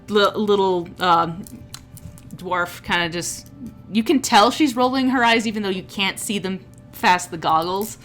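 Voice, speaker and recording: A woman's voice: medium pitch, measured pace, a bit bright, soft background music. A woman narrating a tabletop game as game master, describing scenes with frequent restarts.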